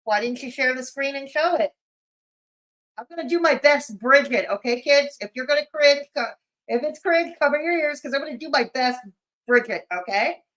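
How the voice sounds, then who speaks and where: A woman's voice: high-pitched, normal speed, a bit bright, low-quality recording. A woman hosting a live-stream, commenting on clips in a sarcastic, mocking way. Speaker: commentary channel host.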